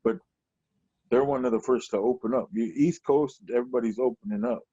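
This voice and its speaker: A man's voice: mid-range voice, fairly quick, warm tone, husky, dry recording. A stand-up comedian from Portland, Oregon, a man telling stories in a loose, rambling way, full of "you know". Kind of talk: conversational storytelling. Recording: dull lo-fi recording, dry.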